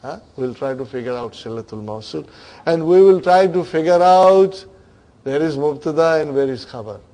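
High-voiced man teaching grammar. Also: expressive, normal speed, warm tone. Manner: questioning, checks in often with students. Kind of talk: classroom grammar lesson.

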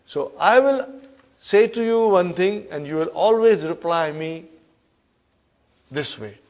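A man's voice: high-pitched, animated, slow pace. Emphatic male Arabic grammar teacher. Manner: repetitive call-and-response drilling, frequent check-ins; emphatic, loud rises on key terms then soft drops. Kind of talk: classroom lesson.

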